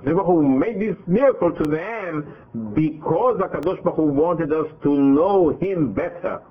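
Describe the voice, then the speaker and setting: A man giving a religious lesson, halting and repeating words as he acts out dialogue. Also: a little high, a crowd in the background. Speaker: rabbi teaching a class. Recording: husky voice over a phone-like line.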